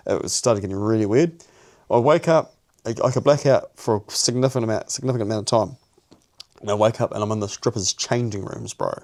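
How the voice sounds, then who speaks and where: A man's voice: on the low side, fast talker, darkish tone. A young man, telling a personal story on a podcast in a blunt, sweary way. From New Zealand. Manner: blunt and sweary, peppering speech with "bro". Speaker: podcast co-host.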